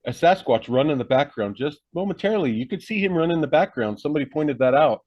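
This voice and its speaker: A man's voice: on the high side, expressive, quick pace, dry recording, highs cut off. A man, a hunting guide and tracker, talking as an interview guest in a blunt, emphatic, slangy way that includes some swearing. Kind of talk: casual conversation.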